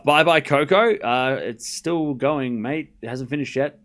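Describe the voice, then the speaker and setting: An Australian man streaming live tennis play-by-play, trading quick, jokey back-and-forth with his chat. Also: medium pitch, fairly bright tone. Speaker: streamer calling a tennis match.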